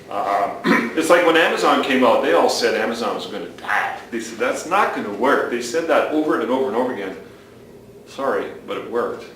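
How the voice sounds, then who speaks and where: A man's voice: medium pitch, a bit bright. Middle-aged male co-host, jokey and preachy; distant, echoey, faint hiss. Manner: joking, lecturing. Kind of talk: casual podcast chat. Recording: echoey room from far off.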